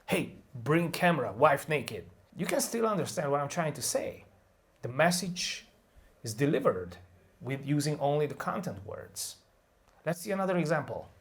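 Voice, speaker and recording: A man's voice: fairly high pitch, big pitch swings. A man with an American accent teaching pronunciation in an online English lesson, joking crudely and stretching out stressed example words. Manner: playful, crude jokes, slow drawn-out stressing of example words.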